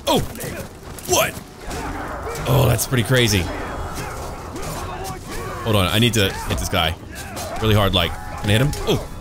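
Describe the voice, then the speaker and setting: Male let's-player: deep, animated, sarcastic commentary, game music underneath. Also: moderate pace, pauses often. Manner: sarcastic, jokey running commentary. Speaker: gaming YouTuber. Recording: voice over loud game music.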